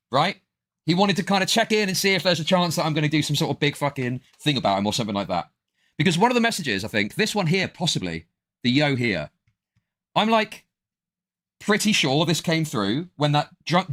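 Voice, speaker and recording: A man's voice: a little high, fairly bright tone. A man doing casual stream commentary, rambling and hedging, peppered with "bro" and "dude".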